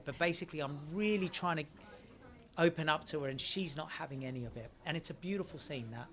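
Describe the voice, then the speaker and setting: A man's voice: fairly high pitch, fast, a bit bright. A man with an Australian accent answering questions as an actor in a casual press interview, chatty and friendly, often restarting his phrases.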